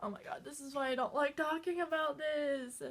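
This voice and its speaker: A woman vlogger telling a story in casual chat, excitable and full of "like". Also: high voice, normal speed. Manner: excitable, fills talk with "like".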